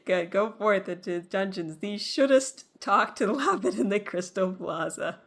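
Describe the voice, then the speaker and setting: A woman voicing a solemn temple guide in a video game, speaking slowly in formal, old-fashioned phrasing. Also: medium pitch, expressive.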